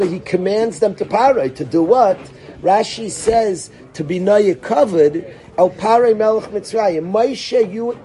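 A man's voice: sits high, mellow. A man teaching a Torah lesson as a rabbi, thinking aloud, acting out questions and answers, and sprinkling Hebrew and Yiddish terms.

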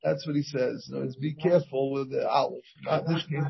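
A man's voice: mid-range voice, steady tone, a little fast, vocal fry, husky, muffled recording. A man teaching a Talmud class as the rabbi, reading the text aloud and translating it line by line, often restarting his phrases. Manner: reads Hebrew and Aramaic text and translates it, with many restarts.

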